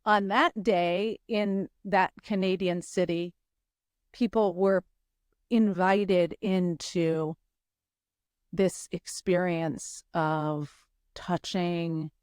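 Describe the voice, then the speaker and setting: A woman guest on a podcast, musing in a halting, spiritual way with many pauses. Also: fairly low pitch, fairly even intonation, a little mellow, smooth, dry recording, clean studio sound. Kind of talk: reflective interview chat.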